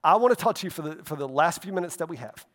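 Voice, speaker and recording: Male pastor, chatty sermon delivery, slightly higher voice, long reverb from a big hall. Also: lively intonation, very fast, a bit bright. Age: adult, walked with faith over half his life. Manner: conversational preaching with asides and tag questions.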